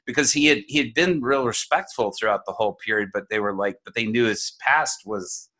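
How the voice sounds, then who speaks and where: A man's voice: mid-range voice, brisk, pushed and bright. A man telling a personal faith story in casual conversation, rambling with many fillers and restarts. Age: adult.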